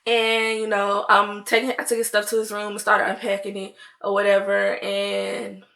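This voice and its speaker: A young woman vlogger telling a story in a casual, animated way, full of "like" and acted-out quotes. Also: mid-range voice, normal speed, creaky. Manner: animated, chatty, heavy use of "like", acts out quotes.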